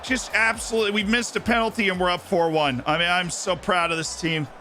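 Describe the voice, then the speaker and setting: A young man streaming himself playing a football management game, muttering asides and then shouting with delight when his team scores. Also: high voice, brisk, over music. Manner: excitable, swings from mumbled asides to shouting at goals. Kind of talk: live gameplay commentary.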